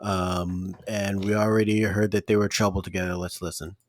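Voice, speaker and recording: A man's voice: low voice, level tone, moderate pace, dry recording. A man hosting a podcast, chatting casually with laid-back, joking asides. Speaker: podcast host. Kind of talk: casual chat.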